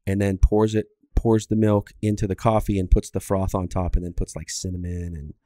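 A man's voice: low voice, flat delivery, a little fast, warm tone, no room sound, clean studio sound. A man co-hosting a podcast, telling a funny story in casual chat, laughing and swearing as he goes. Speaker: podcast co-host.

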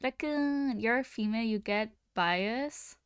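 A young woman streamer chatting casually with a smooth, resonant voice. She tells stories in an animated, talkative way, close to a dry mic. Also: on the high side, unhurried, no room sound. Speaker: livestream host. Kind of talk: casual chat.

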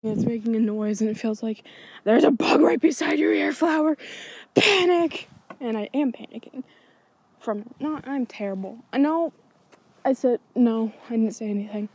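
A woman's voice: fairly high pitch, normal speed, warm tone, husky. A woman rambling to herself in a casual vlog outdoors at night, scatterbrained and easily distracted, recorded on a handheld iPod. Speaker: vlogger. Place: outdoors at night on a backyard swing in the cold. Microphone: handheld iPod camera.

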